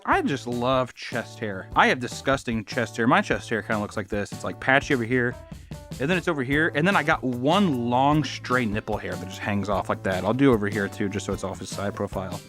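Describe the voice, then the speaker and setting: A man chatting casually and crudely while he draws, excitable, keeps breaking into squeaky put-on voices. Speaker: YouTube artist and host. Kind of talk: casual commentary while drawing.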